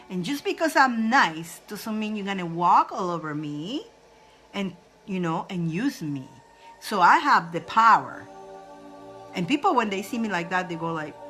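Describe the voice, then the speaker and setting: Animated, bright-voiced woman from Egypt. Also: mid-range voice. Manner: playful, laughs often, animated roars and breathing cues. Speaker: spiritual advice host. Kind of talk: casual spiritual advice talk to viewers.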